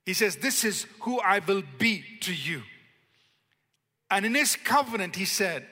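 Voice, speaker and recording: A man preaching a sermon, stressing key words slowly and leading the congregation in call-and-response. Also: high voice, animated, sharp tone. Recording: long hall reverb.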